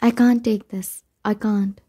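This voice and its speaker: A woman's voice: mid-range voice, little pitch movement, a little slow, warm tone, husky, no room sound, studio quality. A woman doing a pleading, remorseful young husband.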